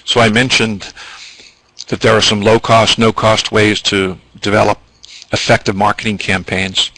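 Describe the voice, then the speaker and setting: A man's voice: lowish voice, level tone, moderate pace, sharp tone, dry recording, low-quality recording. A man presenting a business training webinar, explaining at length with ums and asides.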